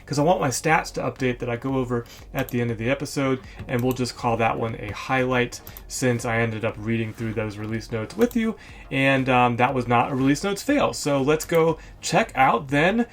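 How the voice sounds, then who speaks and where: A man hosting a casual screen-share walkthrough, chatty and thinking aloud, correcting himself often with ums. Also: medium pitch. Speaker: host of a software store review show.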